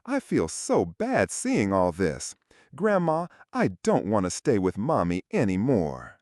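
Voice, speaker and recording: A man's voice: lowish voice, wildly swooping pitch, unhurried, darkish tone, dry recording, clean studio sound. A man voicing a scared six-year-old boy who pleads through tears in a spoken story. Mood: tearful. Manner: pleading, crying.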